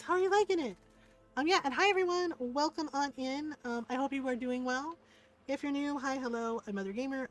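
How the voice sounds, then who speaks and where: A woman streamer chatting casually with her live viewers, telling stories animatedly and often asking "right?". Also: a little high. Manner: animated storyteller, tags sentences with "right?"; warm greetings to viewers by name. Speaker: variety streamer.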